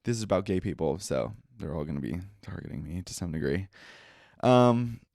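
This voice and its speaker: A man's voice: low-pitched, normal speed, creaky, no echo, clean studio sound. A young man hosting a podcast in casual chat, talking with a nasal tone and leaning hard on his words to show how he feels. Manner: emphatic, expressive, with lots of laughing asides. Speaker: podcast host.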